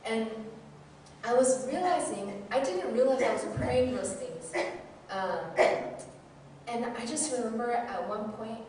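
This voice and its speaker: A woman's voice: on the high side, expressive, unhurried, long pauses, dark tone, a little hiss or hum. A woman who teaches, giving a candid, self-deprecating personal testimony as a sermon. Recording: very echoey hall, mic far off.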